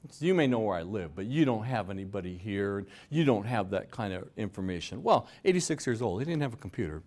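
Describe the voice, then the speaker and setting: A man's voice: on the low side, expressive, quick pace, hardly any pauses, a little mellow. A man giving a talk to an audience on spotting scams, speaking conversationally and acting out the lines scammers use. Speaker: fraud prevention speaker. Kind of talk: presentation to an audience.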